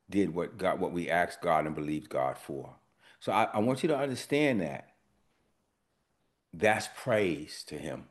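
A man preaching a sermon, telling a personal story and swinging from quiet asides to loud emphatic lines. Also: lowish voice. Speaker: pastor.

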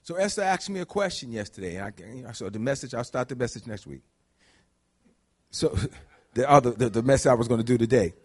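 A man preaching a conversational sermon, dropping to low murmurs and climbing to high shouts. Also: expressive, fairly quick. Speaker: pastor.

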